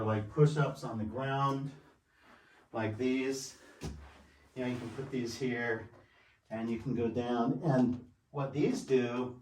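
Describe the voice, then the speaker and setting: In a home vlog, a fitness vlogger in his sixties talks casually with a mid-range voice, a little out of breath as he demonstrates. He's emphatic and repeats his points. The sound is roomy, picked up from away from the mic in a room at home.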